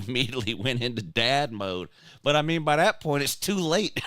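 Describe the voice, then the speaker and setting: A man, hosting a casual chat and telling a story in a self-mocking way, sometimes loud and sometimes mumbling. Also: mid-range voice, lively intonation, a little fast, clear, resonant tone, dry recording, clean studio sound. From Georgia, US. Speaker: podcast host.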